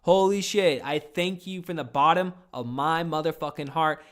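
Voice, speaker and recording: A man's voice: a little high, moderate pace. A man in his thirties hosting a casual podcast from a small office, rambling and swearing freely with lots of fillers. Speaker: podcast host.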